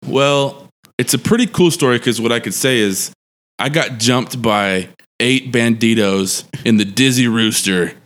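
A man's voice: medium pitch, unhurried, fairly bright tone. A man, a podcast guest telling a long story in a rambling, profane way and laughing often. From Texas. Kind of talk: casual storytelling.

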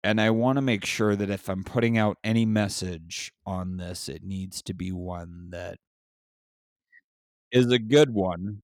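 A man's voice: deep voice, a little slow, dry recording, studio quality. A man hosting a podcast in casual talk, blunt and swearing freely. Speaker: podcast host. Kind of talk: casual conversation.

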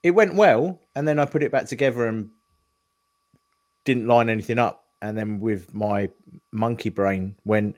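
A man in casual podcast chat, easygoing and quick to laugh. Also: on the low side, darkish tone.

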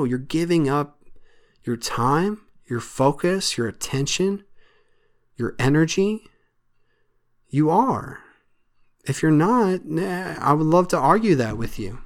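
A man's voice: a little high, animated, takes it slowly. A man hosting a solo podcast, talking in an earnest, rambling way with many fillers. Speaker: podcast host.

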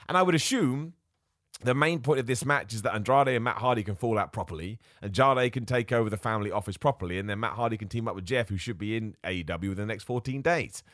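A man's voice: mid-range voice, fairly bright tone, no echo, clean studio sound. A man hosting a solo podcast, talking in a casual, rambling, opinionated way and going off on asides. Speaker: podcast host. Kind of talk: casual solo wrestling chat.

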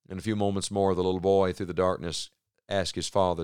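A man preaching a broadcast sermon in an earnest way, slowing down into emphatic pauses. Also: sits low, steady tone, smooth, no room sound, studio quality.

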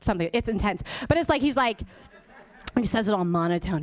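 A woman's voice: medium pitch, animated, brisk. A woman giving a sermon in a chatty, informal way, laughing often and dropping to a whisper to make a point. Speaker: guest church teacher. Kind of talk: conversational sermon.

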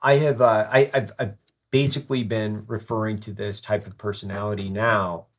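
A man's voice: fairly low pitch, little pitch movement, normal speed. A man hosting a podcast, telling a rambling story and swearing freely in casual chat.

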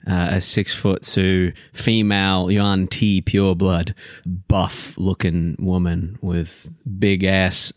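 A man player describes his character for a tabletop game, slow and halting, with a crude, casual turn of phrase. His voice is low, and the sound is dry and close. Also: level tone, no echo.

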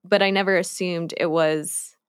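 A woman's voice: fairly low pitch, steady tone, normal speed, clean tone, no echo, clean studio sound. A woman chatting casually about a cartoon episode as a podcast co-host, with lots of fillers and laughs. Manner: chatty, many likes, frequent laughs.

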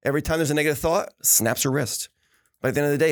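A man with a fairly high voice hosts a motivational podcast in earnest, preachy conversation. He tells stories and often repeats words as he talks. The sound is dry and close to the mic. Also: quick pace, no room sound. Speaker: podcast host.

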